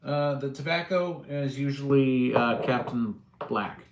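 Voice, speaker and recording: A man's voice: mid-range voice, a little slow, echoey room, noisy background. A middle-aged man hosting a casual live chat, blunt and profane, chuckling as he answers comments. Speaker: livestream host.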